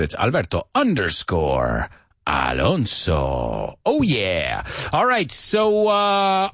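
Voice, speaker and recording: A man hosting a live English lesson in a playful, animated way, drilling words aloud and mixing in Spanish. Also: medium pitch, no echo, studio quality. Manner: mixes Spanish into his English. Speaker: host of an English pronunciation show.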